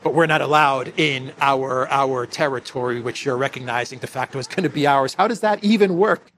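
A man's voice: mid-range voice, fairly quick, fairly bright tone, a little hiss or hum. A man hosting a casual commentary monologue, sarcastic, laughing often and restarting his phrases. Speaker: host.

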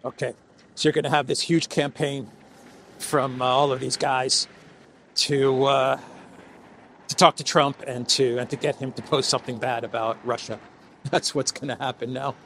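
A man's voice: mid-range voice, flat delivery, normal speed, a bit bright, a little hiss or hum. A man giving mocking, rambling political commentary while walking through an indoor food court, recorded on a handheld phone. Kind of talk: casual walk-and-talk vlog.

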